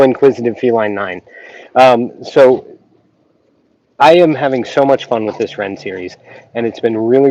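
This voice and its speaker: A man's voice: lowish voice, a little mellow. A man hosting a casual live stream, rambling and full of ums as he greets viewers. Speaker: YouTube reaction channel host. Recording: dull lo-fi sound with faint noise.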